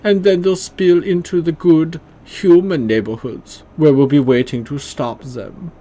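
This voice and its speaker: A man's voice: a little high, fairly even intonation, measured pace, dark tone, pitched above the performer's own voice. A man voicing a sneering, arrogant male extremist leader with a put-on German accent and a foppish, mocking manner. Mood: gloating.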